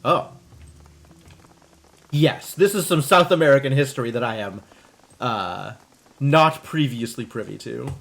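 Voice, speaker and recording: A young male streamer chatting as he plays through a game live, animated and quick to laugh. His voice sits in a middle register and he talks casually, reacting to his viewers as he goes. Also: mid-range voice, vocal fry. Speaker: streamer playing a video game.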